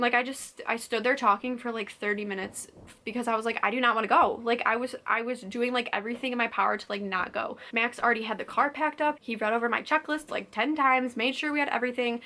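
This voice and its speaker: Talking to camera in a fairly high, bright, forceful voice, a young woman vlogger tells a story casually. She's chatty, says "like" constantly and acts out what people said.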